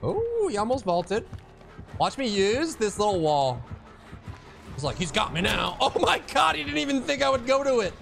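A man commentating his own gameplay, excitable and teasing, swinging from quiet mutters to sudden shouts. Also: high voice, moderate pace, gravelly, faint music behind. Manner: banters with the opponent, teasing.

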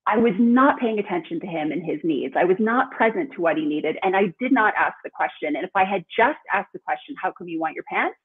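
A woman guest, an author and speaker, telling a lively story in conversation over a remote call. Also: on the low side, a little fast, hardly any pauses, husky. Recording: tinny phone-line sound.

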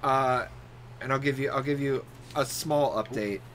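A man's voice: medium pitch, steady tone, normal speed, fairly bright tone, slight background noise. A man chatting casually with a friend while playing a game online, joking and laughing often. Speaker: gamer streamer. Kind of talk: casual chat while gaming.

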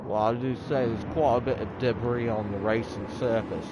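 A man's voice: mid-range voice, steady tone, normal speed, lightly acted. A man putting on a stuffy older male racing commentator, talking with his mouth full of food. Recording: loud background game noise.

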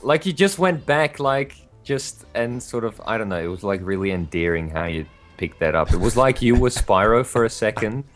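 A man's voice: on the low side, animated, moderate pace, few pauses. A man in a guest commentator role, talking animatedly and mimicking voices during a game. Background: faint game music.

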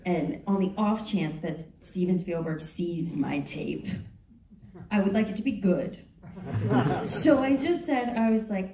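A woman guest telling a lively story in an onstage conversation in a theater, often laughing. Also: medium pitch, unhurried, slight background noise. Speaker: actress guest. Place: theater stage, roomy hall. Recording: echoey theater, distant mic.

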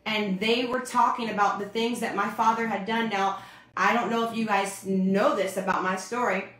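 Woman, personal testimony, animated storytelling, roomy echo, mid-pitched voice. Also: normal speed. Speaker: speaker sharing her testimony.

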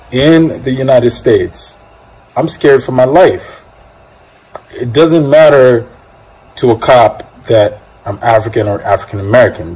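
A man from Nigeria hosting a casual commentary, speaking in a measured, reflective way with halting restarts. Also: medium pitch, a little mellow, slightly rough, rough recording. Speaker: host.

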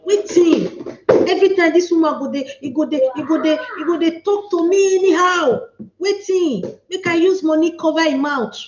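A woman's voice: extremely high pitch, normal speed, darkish tone, slight background noise. A woman with a Nigerian accent hosting a casual live stream, playfully chatting and reading out viewers' comments. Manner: playful, chatty, mixes pidgin with English. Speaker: livestream host. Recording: echoey room, slightly dull sound.

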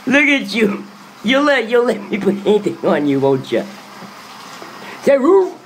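A woman's voice: mid-range voice, big pitch swings, normal speed, slight background noise. A woman filming a home video, giving her dog commands and praise in a coaxing, sing-song pet-talk voice. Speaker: dog owner. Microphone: handheld phone camera.

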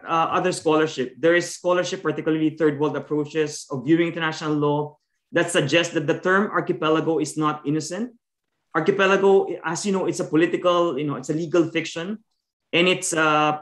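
A man's voice: on the high side, a bit bright. Man lecturing in an echoey room. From Philippines. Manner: measured, with frequent fillers and restarts. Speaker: discussant. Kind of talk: academic lecture. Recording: roomy, echoey video-call audio.

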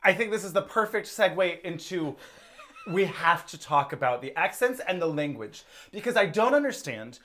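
A woman co-hosting a film review podcast in casual chat. She talks in a chatty, expressive way and laughs often. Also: fairly low pitch, moderate pace, slight background noise.

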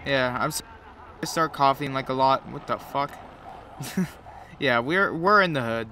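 A man's voice: mid-range voice, measured pace, noisy background. A man with a cold giving profane, joking play-by-play commentary while playing a game. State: has a cold. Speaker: gamer commentator.

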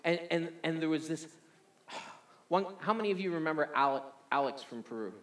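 A man's voice: a little high, animated, fairly quick, fairly bright tone, echoey room. A man preaching a sermon energetically, often repeating words as he restarts. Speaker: pastor.

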